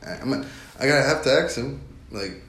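Man, podcast host, goofy and joking, lively pitch; echoey room. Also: normal speed. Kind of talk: casual chat. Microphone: studio mic. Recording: echoey room with faint noise.

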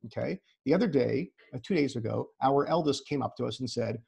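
A man's voice: mid-range voice, a little fast, creaky, darkish tone, breathy edge. A man speaking as a therapist guest in a casual conversation over a video call. He often repeats words as he starts a sentence and lays his advice out in practical steps. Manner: explains in numbered practical steps.

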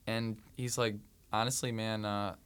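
A male singer hosting a casual chat, jokey and excitable, often saying dude and man. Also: fairly low pitch, unhurried, smooth. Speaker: host.

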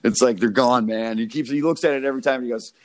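A man's voice: mid-range voice, steady tone, fast. A man in his twenties telling loose, profane stories in a casual podcast chat, full of fillers and laughing at his own jokes. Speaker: podcast co-host.

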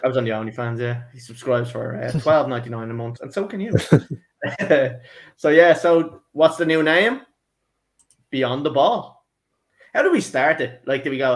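A man with a voice hosts a loose football podcast, cracking jokes and keeping the chat moving with his mates. His pitch sits in the middle and his manner is casual and laddish. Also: lively intonation, normal speed. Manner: laddish, jokey, addresses co-hosts as lads. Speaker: podcast host.

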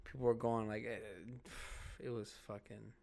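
A man's voice: mid-range voice, flat delivery, measured pace, creaky, a little mellow. A young man co-hosting a podcast, telling rambling stories in casual chat, full of "like", "dude" and swearing. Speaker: podcast co-host.

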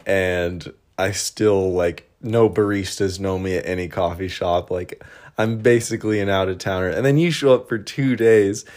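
A man's voice: deep voice, normal speed, darkish tone. A young man from Denver co-hosting a podcast, chatting in an upbeat, casual way and laughing often. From Denver, Colorado. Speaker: podcast co-host.

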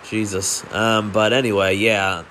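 A man's voice: lowish voice, flat delivery, measured pace, pushed and bright, slight background noise. A young adult man giving casual movie reaction commentary, rambling with lots of fillers and swearing. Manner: rambling, profane, full of fillers. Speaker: movie reviewer.

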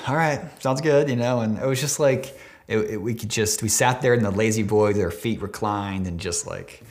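A man of twenty-nine talking casually and emotionally to camera, rambling with many fillers and restarts, swearing now and then, choked up at times. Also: fairly low pitch. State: near tears, choked up at times. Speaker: vlogger. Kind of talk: casual heartfelt talk to camera.

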